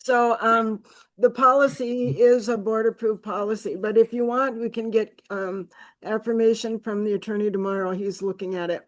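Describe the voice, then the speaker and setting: A woman's voice: on the high side, fairly even intonation, moderate pace, rough recording. A woman on a school's staff, explaining a policy to a board in a matter-of-fact way. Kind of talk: meeting report.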